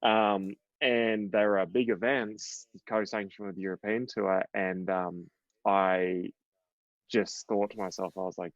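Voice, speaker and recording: Low-voiced Australian man telling stories. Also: measured pace, no room sound. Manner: rambling, animated, full of fillers and swearing. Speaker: guest, professional golfer. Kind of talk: casual interview storytelling. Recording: dull, dry podcast audio.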